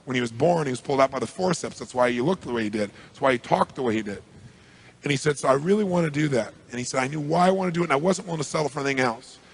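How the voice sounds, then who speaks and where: A man giving a motivational talk, telling a long anecdote from memory in a lively, quick way. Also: medium pitch, vocal fry, husky. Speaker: motivational speaker. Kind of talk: storytelling talk to an audience.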